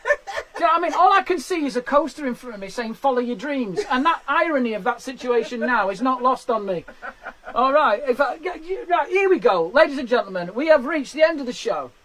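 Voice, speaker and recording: A man's voice: extremely high pitch, expressive, brisk, a bit bright, low-quality recording. Comedian guy wrapping up his stream from a shed, chatty, jokes at himself, laughs a lot. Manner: chatty, self-deprecating, laughs at his own lines. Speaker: stand-up comedian hosting a live stream. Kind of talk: casual live-streamed stand-up sign-off. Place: garden shed. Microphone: webcam.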